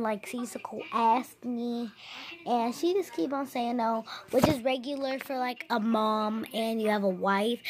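A woman with a slightly high voice tells gossip to her viewers in a casual, slangy ramble. She talks as if chatting with a friend, piling one detail on the next. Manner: chatty, slangy, rambling retelling with acted quotes. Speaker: vlogger.

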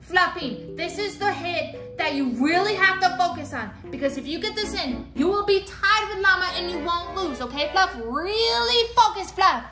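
A young woman vlogging, playfully talking to her toy llamas and cheering them on in a bubbly, animated way. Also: very high-pitched, normal speed, few pauses. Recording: echoey room with music behind.

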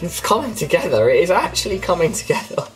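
A man's voice: high voice, sing-song, fast talker, poor audio. A man giving playful, teasing commentary while editing photos for a comedy video. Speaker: YouTuber. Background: background music.

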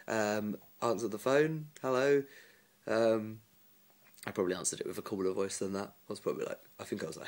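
A man's voice: on the low side, moderate pace, a little mellow. A man vlogging at home into a phone camera, telling a rambling story casually, laughing and mimicking the people in it. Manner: chatty, rambling, mimics other people's voices, laughs often.

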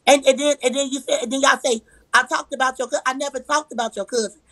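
High-voiced woman telling a heated story. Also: fairly even intonation, quick pace, fairly bright tone, dry recording, poor audio. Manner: emphatic, acts out quoted arguments; profane, repetitive. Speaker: live-stream guest.

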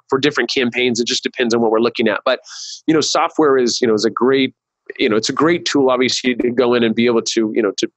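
As a guest on a casual webcast interview about marketing, this digital marketing consultant talks in a medium-pitched, slightly bright voice, rambling with frequent restarts and fillers. There's no room sound and the recording is rough.

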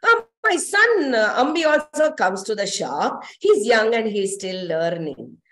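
A woman's voice: on the high side, big pitch swings, a little slow, a bit bright. A woman storyteller, telling a story in the first person as a shopkeeper, chatty and full of asides. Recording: roomy echo.

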